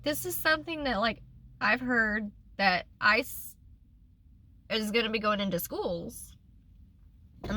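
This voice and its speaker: A woman talks straight to her viewers in a candid vlog. Her voice is bright and tense, and she rambles earnestly, full of ums and restarts. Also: fairly high pitch. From Oklahoma. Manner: rambling, earnest, with frequent fillers. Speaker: vlogger.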